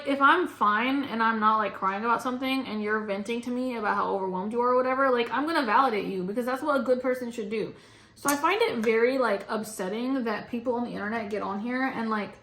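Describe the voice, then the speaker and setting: A woman's voice: on the high side, a bit bright. A young woman vlogging, venting casually and frankly, rambling with lots of "like". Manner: rambling, frank, heavy use of "like". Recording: roomy echo.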